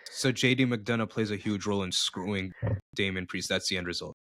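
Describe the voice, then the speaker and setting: A man's voice: fairly low pitch, a little fast, pushed and bright. A man co-hosting a casual podcast, sharing his opinions with enthusiasm. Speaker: podcast co-host. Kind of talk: casual chat.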